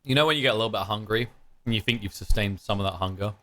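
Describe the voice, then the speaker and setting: A man's voice: fairly low pitch, very fast, fairly bright tone. A man casting an esports match in casual commentary, joking and bantering playfully with his co-caster.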